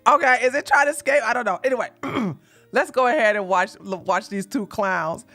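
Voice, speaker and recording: A woman streamer giving live reaction commentary, mocking what she watches and often laughing and breaking into shouts. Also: fairly high pitch, a little fast, soft background music.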